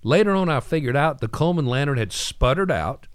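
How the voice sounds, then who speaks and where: A man hosting a morning radio show, telling stories in an animated way and acting out the voices in them. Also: fairly high pitch, brisk, clean tone, dry recording. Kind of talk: casual radio chat and storytelling.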